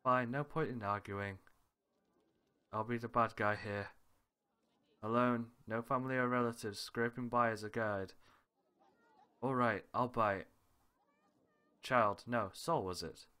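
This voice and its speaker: A man's voice: mid-range voice, fairly even intonation, takes it slowly, long pauses, pushed and bright, clear, resonant tone. A man reading aloud every character's lines of a visual novel, switching between characters with small laughs and asides. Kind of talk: reading game dialogue aloud with light character voices.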